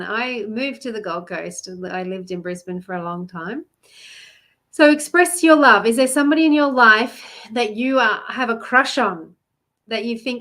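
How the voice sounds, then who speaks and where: A woman with an Australian accent runs a live card reading about love, chatting with viewers and greeting them by name. Her voice sits a little high and has a bright, forward edge. She laughs easily and talks warmly to the people who are watching. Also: normal speed. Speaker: love coach and card reader.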